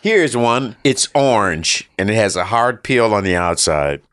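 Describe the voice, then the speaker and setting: A man's voice: lowish voice, expressive, measured pace, a bit bright, dry recording. A man guesting on a comedy podcast, rambling and laughing as he fumbles for words, on a studio mic. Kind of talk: casual comedic chat.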